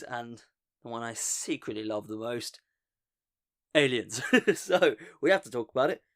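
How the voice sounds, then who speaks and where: A man's voice: on the high side, clean tone. A man hosting a podcast, telling a story in a casual, joking way and often laughing at his own asides. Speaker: podcast host.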